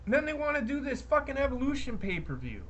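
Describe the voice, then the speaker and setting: A woman's voice: high voice, very animated, fast talker, background noise. A woman co-hosting a wrestling podcast, ranting and swearing heavily in casual chat. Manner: profane, ranting, heated. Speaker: podcast co-host.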